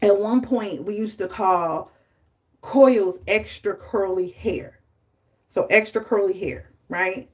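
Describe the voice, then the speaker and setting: A young adult woman hosts a casual live stream about hair care. She talks in a chatty, animated way at an average pitch. Her manner is loose and conversational. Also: takes it slowly. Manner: chatty, animated, dramatizes stories with laughter.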